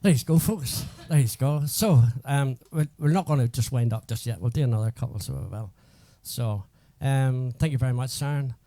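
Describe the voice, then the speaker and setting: Guy hosting a live music stream, chatty, says hi to everyone, mellow voice, dry sound. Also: medium pitch, moderate pace, hardly any pauses, no echo. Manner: chatty, greets viewers one by one. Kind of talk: casual live-stream chat.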